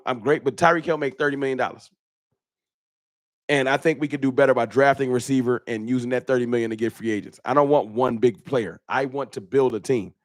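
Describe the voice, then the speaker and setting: A man hosting a casual live-stream fan talk show, animated and slangy, often repeating his words. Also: medium pitch, no echo, studio quality.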